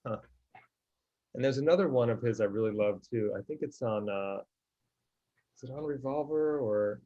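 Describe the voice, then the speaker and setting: A man's voice: mid-range voice, normal speed, mellow, highs cut off. A man co-hosting a podcast, chatting enthusiastically about favorite songs, with plenty of ums and restarts. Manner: enthusiastic, hesitant with many ums. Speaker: podcast co-host, musician. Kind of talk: casual chat about music.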